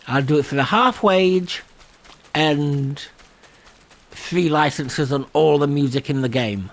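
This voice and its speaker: A man's voice: fairly high pitch, takes it slowly. A man hosting a gameplay video, rambling and self-deprecating and laughing often. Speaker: gaming channel host. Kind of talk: casual gameplay commentary.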